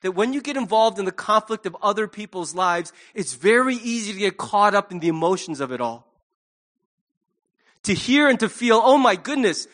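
High-voiced male pastor preaching casually. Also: fairly bright tone. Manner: conversational and humorous, with acted asides. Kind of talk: sermon. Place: church.

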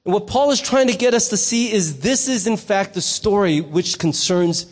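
A man's voice: sits high, animated, moderate pace. A man preaching a sermon as pastor, conversational, with rhetorical questions. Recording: long reverb in a hall.

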